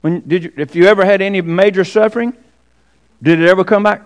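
A man preaching a sermon with animated delivery, rhetorical questions and emphatic repetition. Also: high-pitched, fast talker.

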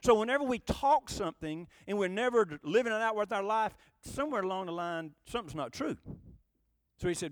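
A man's voice: high-pitched, animated, brisk, no room sound. A male pastor preaching a conversational, folksy sermon, asking the congregation rhetorical questions. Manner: folksy, emphatic.

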